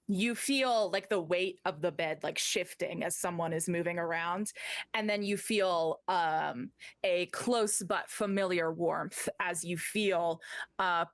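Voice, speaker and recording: A woman's voice: fairly low pitch, fairly bright tone, dry recording, clean studio sound. A woman game master narrating a tabletop scene in a loose, rambling way with many fillers.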